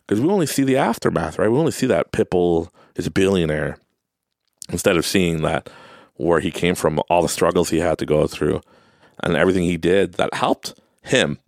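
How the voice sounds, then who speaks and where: A young man hosting a podcast, giving an earnest, repetitive motivational talk and sometimes mimicking other people in high voices. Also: vocal fry, dry recording, studio quality. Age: young adult. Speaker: podcast host.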